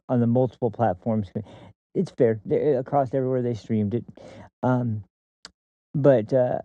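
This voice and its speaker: A man's voice: mid-range voice, no room sound. A man hosting a casual opinion podcast, rambling with lots of fillers and laughs, over a dry, tinny phone-like line. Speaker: podcast host.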